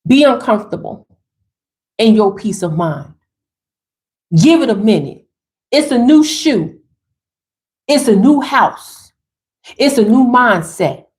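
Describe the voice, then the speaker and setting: A woman's voice: on the high side, big pitch swings, slow, pauses often, a little mellow, reverberant. A woman giving an emphatic, sassy motivational spiritual talk straight to her listeners.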